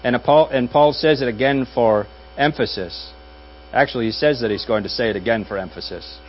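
Pastor, man, wry conversational sermon delivery, muffled take with light hum. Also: mid-range voice. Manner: conversational and wry, with dry jokes and pauses. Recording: dull audio with faint mains hum.

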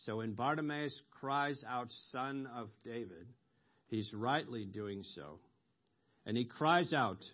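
A man preaching a sermon, explaining scripture slowly with pauses and ums, rising sharply when he quotes a cry for mercy. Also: medium pitch. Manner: slow, explanatory, with ums and emphatic rises on quoted cries. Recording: dull lo-fi recording.

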